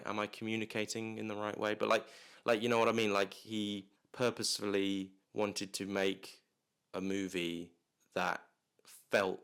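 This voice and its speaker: A man's voice: lowish voice, fairly bright tone. A man reviewing a movie in a casual, rambling way, full of restarts, fillers and jokey asides.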